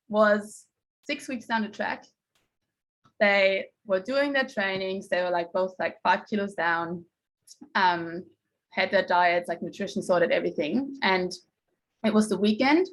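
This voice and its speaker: A woman's voice: mid-range voice, unhurried, long pauses, low-quality recording. Woman, mindset coach, casual group talk, chatty storytelling, acts out quotes.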